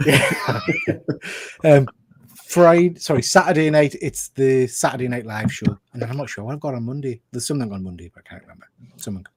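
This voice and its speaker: A man's voice: medium pitch, brisk, breathy edge, no echo. A man with a Geordie accent chatting easily on a comics show, laughing often. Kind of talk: casual live-stream chat.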